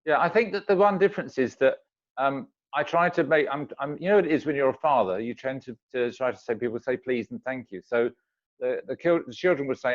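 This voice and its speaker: A man's voice: mid-range voice, fast, highs cut off. A man, a guest on a video call, chatting casually and acting out little everyday exchanges. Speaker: interview guest. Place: home in Zambia.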